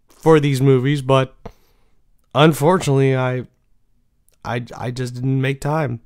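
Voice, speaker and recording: A young man talks at a slow, unhurried pace, wandering from thought to thought with plenty of fillers and false starts. His voice comes through smooth and clear as he chats casually as the host of his own show. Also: medium pitch, level tone. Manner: rambling, many fillers and restarts. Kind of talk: casual solo chat.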